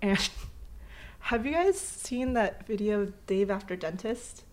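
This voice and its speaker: A young adult woman in casual chat, telling a story in an animated, giggly way with lots of "like". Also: medium pitch, slow, a little hiss or hum.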